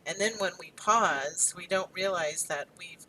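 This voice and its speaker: A woman's voice: lowish voice, unhurried, bright, forceful tone, slight background noise, rough recording. A woman hosting a podcast who responds to her guest in an affirming, reflective way. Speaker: podcast host. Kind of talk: casual interview chat.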